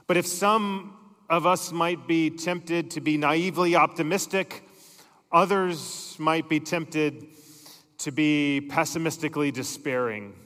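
Unhurried pastor preaching in a reverberant hall. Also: male voice, a little high, steady tone, a bit bright. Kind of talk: sermon. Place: church sanctuary.

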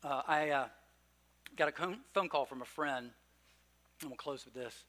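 A man preaching a sermon as pastor, earnest and conversational, punching key phrases and then dropping low and slow. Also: a bit bright. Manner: conversational asides with fillers.

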